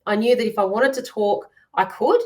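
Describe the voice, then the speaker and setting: A woman's voice: a little high, moderate pace, a little mellow, recorded from a distance. A woman hosting a livestream conversation, encouraging and reflective, with many fillers. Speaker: host.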